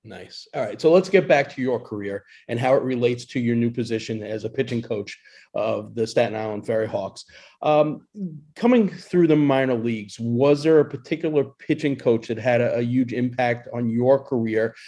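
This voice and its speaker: Man, interviewer, conversational questions, mellow voice, mid pitch. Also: moderate pace. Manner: conversational, hesitant starts.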